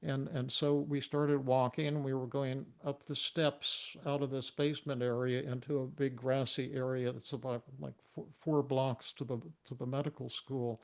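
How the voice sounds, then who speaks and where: A man's voice: medium pitch, normal speed, gravelly, hardly any pauses. A man telling a personal story in a webinar, often stammering and repeating his words as he goes. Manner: animated storyteller. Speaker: psychiatrist presenter.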